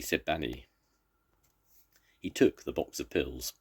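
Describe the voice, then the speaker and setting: An older man, a grandfather, reading a children's story aloud in a gentle, expressive way. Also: a bass voice, measured pace, long pauses, slightly rough.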